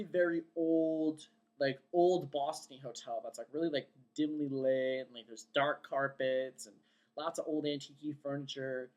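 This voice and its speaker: A woman telling a long dream story in a casual vlog, rambling with lots of fillers and excited quoted outbursts. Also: deep voice. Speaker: vlogger.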